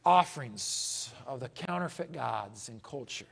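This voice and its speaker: A male pastor preaching a sermon, emphatic and repetitive, asking rhetorical questions and swinging from loud declarations to hushed asides. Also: mid-range voice, lively intonation, measured pace, vocal fry, breathy edge.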